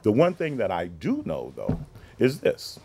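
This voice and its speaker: A man's voice: fairly low pitch, unhurried, creaky, a little hiss or hum. A man being interviewed, recounting events conversationally and acting out the dialogue he quotes. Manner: animated retelling, acts out quoted dialogue. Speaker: interview guest, former mayoral policy advisor.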